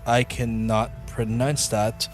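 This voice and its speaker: A man's voice: mid-range voice, flat delivery, slow pace, faint music behind. A man with a Belfast accent chatting casually while streaming a game, joking and swearing freely. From Northern Ireland.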